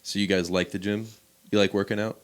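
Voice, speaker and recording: A man's voice: lowish voice, little pitch movement, fairly quick, smooth. A man co-hosting a casual podcast as a gym coach, joking and teasing bluntly.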